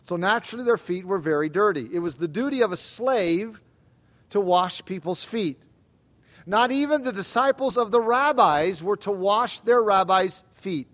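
A man preaching an expository sermon, pausing and stressing quoted lines. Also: high voice, expressive, fairly bright tone.

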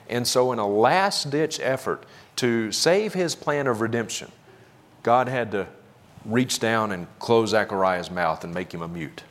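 Low-voiced critical male pastor. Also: animated, unhurried. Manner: sarcastic, critical, emphatic. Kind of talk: sermon commentary.

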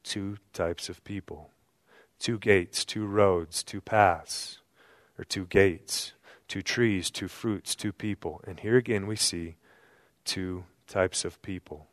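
A man preaching a sermon at a night church service, asking the room rhetorical questions and swinging from loud emphasis down to hushed low tones. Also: steady tone, slow, no echo, studio quality. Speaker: pastor.

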